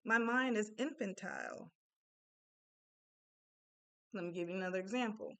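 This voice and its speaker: A woman's voice: mid-range voice, normal speed, fairly bright tone, smooth, dry recording. A woman in her thirties, a self-help speaker talking in a casual, reflective way and often checking in with listeners. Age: 30s. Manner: conversational, often asks "right?" of listeners.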